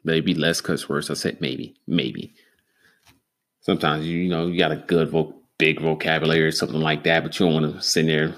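A man hosting a solo podcast, rambling and cursing freely, sometimes getting excitable. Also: a bass voice, normal speed. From Denver, Colorado. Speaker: podcast host. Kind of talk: solo casual podcast monologue.

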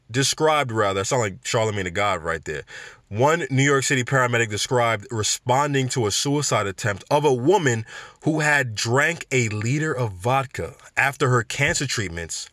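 A man's voice: mid-range voice, fairly bright tone, dry recording, studio quality. A man hosting a podcast, ranting through the news in a casual, slangy way full of rambling asides. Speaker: podcast host. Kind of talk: casual news commentary rant.

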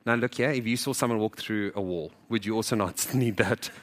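A man preaching a sermon as pastor, in a lively, conversational way, often acting out what people in the story say and joking with the congregation. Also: mid-range voice, normal speed, few pauses. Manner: animated, acts out quoted dialogue.

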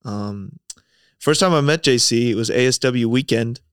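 A man's voice: medium pitch, normal speed, clean tone, dry recording, clean studio sound. A man in his twenties co-hosting a podcast, chatting casually and telling stories with easy laughs. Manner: relaxed, laughing storyteller. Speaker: podcast co-host. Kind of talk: casual chat.

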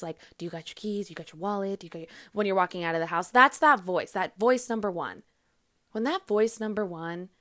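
A woman's voice: on the low side, fairly bright tone, dry recording. Blunt, emphatic woman podcaster, dry close sound. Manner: blunt, emphatic, swears casually; acts out her inner voice in quotes. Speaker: podcast host. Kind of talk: casual self-help monologue.

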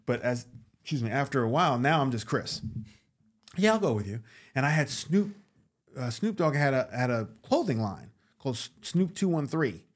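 Brief: man from New York, middle-pitched voice, guest storyteller, swears freely and acts out each voice. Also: lively intonation, normal speed. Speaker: guest, actor and comedian. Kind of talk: casual storytelling.

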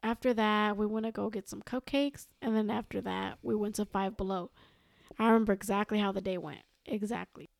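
A woman's voice: medium pitch, fairly even intonation, brisk, vocal fry, dry recording, clean studio sound. A young woman, a podcast guest, telling a long personal story in casual chat, quoting herself and others again and again. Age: young adult. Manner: rambling, quotes herself and others with "I was like".

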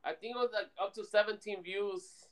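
A man co-hosting a casual podcast chat, answering in short, low-key remarks. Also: brisk, fairly bright tone. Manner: brief, low-key replies from off-mic. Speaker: co-host. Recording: distant, tinny phone-like sound.

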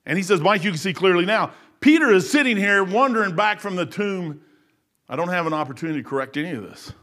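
A man preaching a folksy, animated sermon, acting out voices and laughing as he goes. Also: sits high, fast talker. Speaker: lay preacher.

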